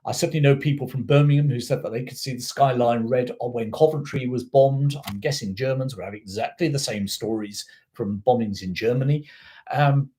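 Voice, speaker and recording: A man's voice: medium pitch, fairly quick, mellow. Man, middle-aged, history host, casual rambling chat, digressive, chatty storyteller, raised in South Africa. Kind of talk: casual live-stream chat.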